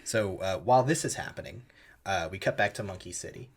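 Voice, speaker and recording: A man with a very low voice, chatting casually as he walks through a film's plot. He slips in offhand quoted lines as he goes. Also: a little fast, husky. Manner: retells scenes with loose, offhand voiced quotes. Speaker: podcast co-host. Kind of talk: casual movie recap chat.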